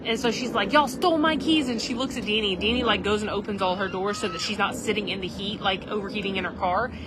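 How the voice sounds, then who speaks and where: A woman's voice: mid-range voice, fairly even intonation, fast talker, background noise. A woman, casually telling a rambling story to live viewers outdoors at a campground. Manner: rambling, chatty, frequent "like" and "literally". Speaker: livestream host.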